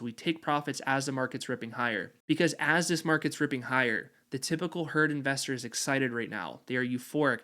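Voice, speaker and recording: A man's voice: medium pitch, a bit bright. A man hosting an investing channel, explaining strategy over a chart in confident, emphatic, repetitive phrasing.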